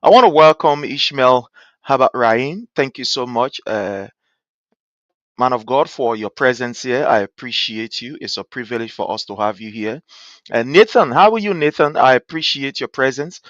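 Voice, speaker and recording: A man's voice: medium pitch, normal speed, fairly bright tone, dry recording. A man with a Liberian English accent hosting a live-stream talk show, greeting viewers by name with effusive thanks and pleading appeals. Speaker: livestream show host. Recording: dull, dry lo-fi stream audio.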